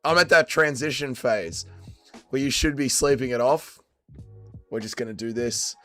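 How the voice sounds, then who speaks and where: An Australian man hosts a casual livestream, tired and still drunk after a late night, with laid-back banter and plenty of swearing. His voice is smooth and resonant, recorded dry and close on a desk mic. Faint music plays behind him. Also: fairly high pitch, brisk, fairly bright tone, dry recording. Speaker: livestream host.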